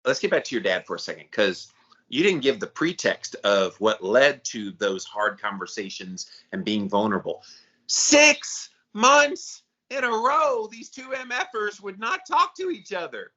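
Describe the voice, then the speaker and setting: A man co-hosting a casual podcast chat, animated and acting out quotes in different voices. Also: medium pitch, measured pace, dull audio. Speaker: podcast co-host.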